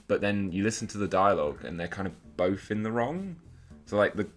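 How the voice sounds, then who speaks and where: A very deep male voice talks through a movie scene by scene in an easygoing, analytical way, piling up "like"s as he works out his points. Faint film music plays underneath. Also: a little fast. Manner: analytical, thinks aloud with many "like"s. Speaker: film commentary co-host. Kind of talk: casual film commentary.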